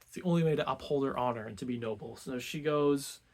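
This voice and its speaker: Male book-club host, easygoing conversational summary, filler-heavy and relaxed. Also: medium pitch, fast. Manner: laid-back, peppers speech with "like".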